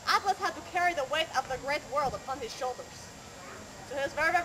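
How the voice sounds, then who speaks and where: A renaissance faire performer balances on a slackrope for laughs, teasing onlookers and delivering a tall tale in showy patter. She speaks a little fast in an animated, high voice. Captured outdoors at a crowded fair stage, the audio is noisy with crowd sound.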